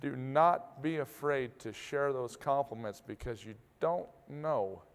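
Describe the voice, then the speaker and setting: A man speaks candidly to a live audience. He talks slowly and plainly, stopping and restarting mid-thought. His voice is gravelly yet smooth, carried by the long reverb of a large hall. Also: mid-range voice. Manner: open, plainspoken, halting with restarts. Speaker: agricultural producer speaking to an audience. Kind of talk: candid personal talk.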